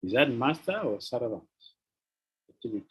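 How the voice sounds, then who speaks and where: A man giving a devotional lecture, telling sacred stories with rhetorical questions and an animated, questioning manner. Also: mid-range voice, moderate pace, slightly rough, rough recording. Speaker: spiritual teacher.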